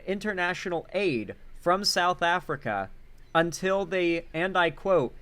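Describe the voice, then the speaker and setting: With a fairly high-pitched voice, a young man riffs on politics in a casual, sarcastic, lively way. He alternates between loud, emphatic points and quieter asides.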